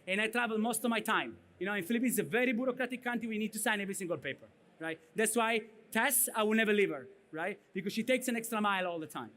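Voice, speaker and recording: A man's voice: sits high, quick pace, few pauses, pushed and bright. A man with an Italian accent giving a blunt, punchy conference keynote, often ending points with "right?" or "okay?". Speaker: keynote speaker. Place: conference stage.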